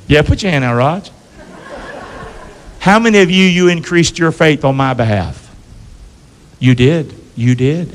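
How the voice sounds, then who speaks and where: Male pastor, high voice, call-and-response sermon, long church reverb. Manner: call-and-response preaching, asks congregation to repeat. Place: church sanctuary.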